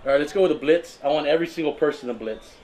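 A man acting in a scripted comedy sketch, talking calmly and then erupting into shouted tantrums at people who are not heard. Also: on the high side, racing, soft background music. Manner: talks to unseen people on phone and field.

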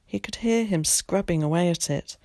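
A woman teacher reading a children's novel aloud in an expressive, measured storytelling voice. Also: fairly low pitch, no echo, clean studio sound. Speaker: primary school teacher.

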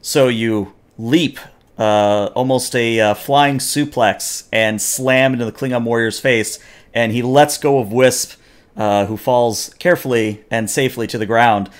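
A man running a tabletop game as game master, narrating the action with animated storytelling and frequent fillers. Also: mid-range voice, measured pace, clean tone.

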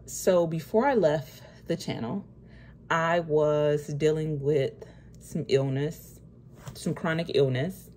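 A young woman talking to camera in an emotional personal vlog, nervous and close to tears, halting with many fillers. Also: sits low, darkish tone, a little hiss or hum. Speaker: vlogger.

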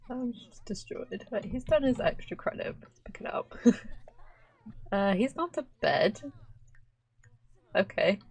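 Slow-talking woman narrating her game. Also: mid-range voice, gravelly, darkish tone, husky, poor audio. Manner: chatty, laughs often, talks to her game characters. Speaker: gaming channel host. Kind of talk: casual let's-play commentary.

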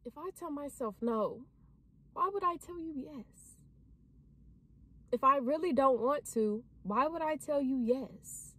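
A woman talks straight to her viewers in a casual vlog, her voice pitched high. She takes her time and stretches out her words. She stresses her points by repeating them and swears freely. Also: animated, slow pace, pauses often, fairly bright tone, no room sound. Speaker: vlogger. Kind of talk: casual self-talk vlog.

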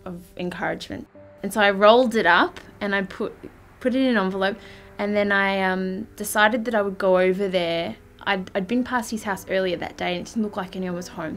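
A young woman shyly recalling a story in a documentary interview, with lots of fillers and restarts. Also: medium pitch. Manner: hesitant, shy, many fillers and restarts. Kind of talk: documentary recollection.

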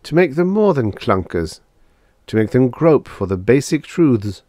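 A man voicing a calm, thoughtful older spaceman who muses aloud. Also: medium pitch, a little slow, no echo, clean studio sound, pitched above the performer's own voice. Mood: musing. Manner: calm, musing.

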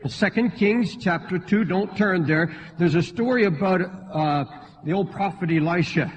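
A man preaching a sermon to a church congregation, his voice leaping up in pitch and volume when he acts out pleading believers. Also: moderate pace, slight background noise. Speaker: pastor. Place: church sanctuary. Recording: dull lo-fi sermon recording in a large reverberant hall.

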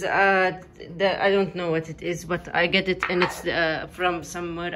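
A young woman narrating a comedic day-in-the-life vlog in playful, deliberately broken English. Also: on the low side, steady tone, fairly bright tone, slight background noise. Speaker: comedy vlogger.

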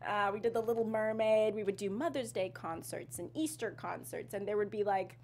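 Woman, thirties, slight South African twang, interview guest, playful and animated, middle pitch, faint hum behind. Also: fairly quick. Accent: Canadian English with a slight South African twang. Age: 30s. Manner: animated, laughs often, playful. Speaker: actress guest. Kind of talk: casual interview chat.

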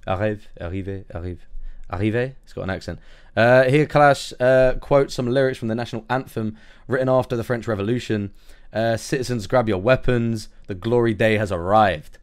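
An English man with a fairly low voice talks through a music reaction in a loose, chatty way. He swears freely and stumbles through French lyrics with an English accent. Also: smooth. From England. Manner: chatty and profane, stumbles over French words. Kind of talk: casual reaction commentary.

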